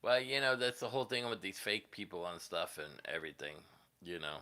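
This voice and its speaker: Speaking a little fast in a low, animated voice with a sharp edge, this man hosts a laid-back livestream. The guitarist rambles through profane tales of his musician days, laughing along at them.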